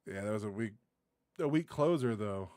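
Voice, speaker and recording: A man's voice: fairly low pitch, animated, moderate pace, heavy background noise. A man from Arizona giving a casual, profane reaction rant as a YouTube commentator, rambling and laughing a lot. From Arizona, USA.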